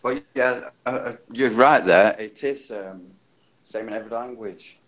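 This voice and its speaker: A man's voice: mid-range voice, measured pace, fairly bright tone, rough recording. A man chatting casually on an online panel call, joking and imitating how others talk. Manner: chatty, jokey, mimics other people's speech. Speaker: panel guest. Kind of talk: casual group call chat.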